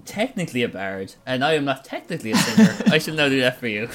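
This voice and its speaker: A man's voice: medium pitch, sing-song, quick pace, a bit bright. A man playing a tabletop game, joking and swearing in a casual, self-mocking way. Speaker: player.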